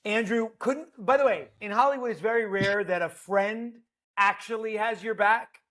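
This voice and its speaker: High-voiced animated male storyteller. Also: moderate pace. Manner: lively storyteller, playful, self-deprecating. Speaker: actor and guest. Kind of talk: animated anecdote telling.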